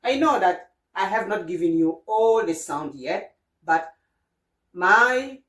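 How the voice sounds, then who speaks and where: A woman's voice: mid-range voice, expressive, takes it slowly, fairly bright tone, far from the mic. A woman teaching a beginner French lesson, spelling out letters one by one and checking in with the listener often. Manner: patient, repeats and spells out letters, checks in with "okay?". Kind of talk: slow beginner language lesson. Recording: roomy, from away from the mic.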